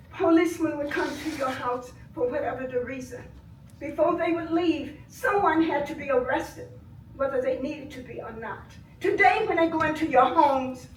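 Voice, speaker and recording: An older woman giving impassioned public comment at a board meeting, swinging between soft grief and loud anger. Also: high voice, slight background noise. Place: village board meeting room. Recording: echoey room, voice from far off.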